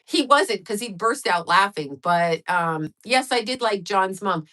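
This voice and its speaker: A woman's voice: medium pitch, lively intonation, measured pace, bright, forceful tone. Casting: middle-aged woman, livestream host, loose rambling chat, answers comments. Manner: chatty, rambling, reacts to viewer comments.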